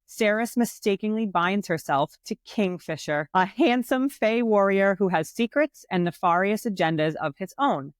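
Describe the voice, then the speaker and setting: A woman with a New York accent co-hosts a casual book podcast. She reads aloud in a steady, measured way, at a middle pitch. The sound is dry and close, with no room echo. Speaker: podcast co-host. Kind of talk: casual book-chat, reading a summary aloud.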